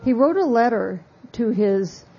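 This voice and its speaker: A woman author giving a talk about her book, telling stories in a measured, wry way with asides. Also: fairly high pitch, expressive, mellow, slightly rough, highs cut off. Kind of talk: lecture-style talk.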